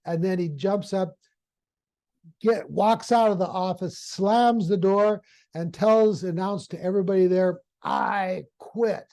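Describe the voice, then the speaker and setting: A man teaching through an animated, folksy story as a hypnotherapy trainer. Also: sits high, measured pace. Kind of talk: storytelling lesson.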